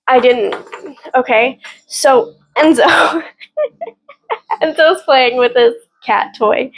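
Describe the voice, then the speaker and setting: A young woman reviewing books on her home vlog, talking casually and gushing with excitement, full of fillers. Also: high-pitched, rough recording. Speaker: book vlogger. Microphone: camera in front of her.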